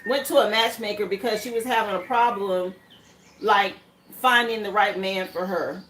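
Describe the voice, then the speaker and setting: A woman's voice: mid-range voice, fairly even intonation, normal speed, a bit bright, soft background music. A woman giving a live tarot reading in a chatty, rambling way, laughing between points. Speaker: tarot reader. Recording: echoey room, faint background noise.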